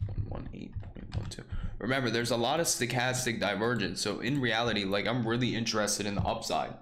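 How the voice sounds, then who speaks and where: A man who is losing his voice from a sore throat, hosting a casual live stock trading stream and reading out price levels slowly. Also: on the low side, fairly bright tone, reverberant. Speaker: stock trading livestream host. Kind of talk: casual live market commentary.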